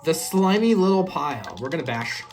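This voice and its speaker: Low-voiced woman casually narrating gameplay. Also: very animated, moderate pace. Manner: casual, chatty, reacting to the game as she plays. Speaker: gaming channel host. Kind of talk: let's play commentary. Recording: game music playing underneath.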